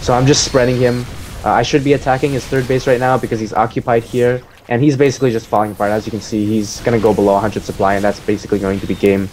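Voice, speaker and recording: A man's voice: medium pitch, fast, soft background music. Man casually commentating his own game. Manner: relaxed, explanatory, many fillers.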